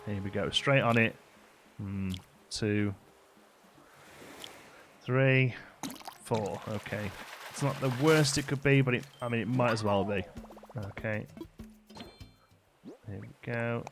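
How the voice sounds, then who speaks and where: A man's voice: on the low side, slow, pauses often, over music. A man casually commenting on his own gameplay during a live stream, chatting with viewers and answering their messages. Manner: relaxed, chatty, reads chat aloud and answers it.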